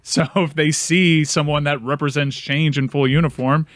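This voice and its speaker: A man on a talk show tells a wry story, stopping and restarting mid-sentence. His voice sits a little high. The mic is close and dry. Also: fairly even intonation, normal speed, a bit bright, dry recording. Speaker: show regular. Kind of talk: casual chat.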